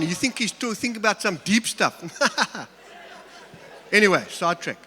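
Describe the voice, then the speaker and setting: A man's voice: high-pitched, pushed and bright, a faint crowd, a little hiss or hum. Man preaching in an echoing hall. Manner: candid, emotional, halting when personal. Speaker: pastor. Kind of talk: sermon. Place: large church hall. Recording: long hall reverb.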